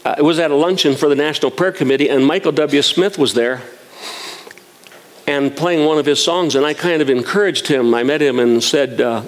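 A man's voice: mid-range voice, a little fast. A man in his sixties preaching a sermon in a folksy, self-mocking way, chuckling at his own jokes.

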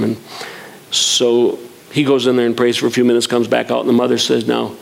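Gravelly-voiced man preaching with folksy humor. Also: medium pitch, completely flat delivery, fairly quick. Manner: folksy storytelling with humor, reads scripture aloud. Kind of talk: sermon.

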